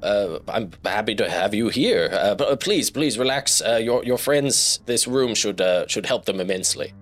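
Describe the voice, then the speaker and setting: A man's voice: lowish voice, lively intonation, normal speed, close to an everyday voice. A man voicing a kind, flustered tiefling man who welcomes guests into his home, stammering politely.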